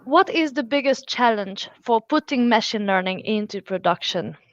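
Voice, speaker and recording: A woman's voice: on the high side, animated, moderate pace, dry recording, lo-fi sound. Hesitant woman moderating a video panel. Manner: hesitant, laughs often. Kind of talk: online panel discussion. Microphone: video call.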